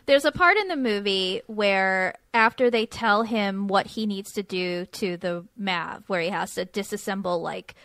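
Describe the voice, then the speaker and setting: A woman's voice: mid-range voice, measured pace, hardly any pauses, a bit bright, no room sound. A woman co-hosting a podcast in casual book chat, enthusiastic and casual, swearing and mimicking characters. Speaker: podcast co-host.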